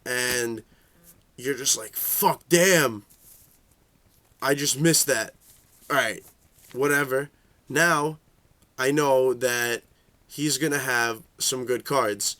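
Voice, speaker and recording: A man's voice: fairly even intonation, takes it slowly, pauses often, bright, forceful tone. Young man ranting casually about cards. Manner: profane, rambling, full of fillers; shifts into high voices for quoted reactions. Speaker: card game vlogger. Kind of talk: casual rant.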